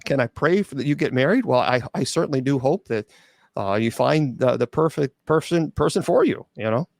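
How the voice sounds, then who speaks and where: A man's voice: medium pitch, lively intonation, brisk, gravelly, no room sound, studio quality. A celibate clergyman taking viewer questions on a livestream, blunt and sarcastic, with frequent restarts and stumbles.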